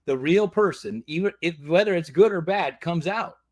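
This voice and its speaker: A man's voice: fairly high pitch, animated, normal speed, dry recording. A man, a guest and former reality show contestant, tells stories in casual chat, acting out other people's lines with laughter.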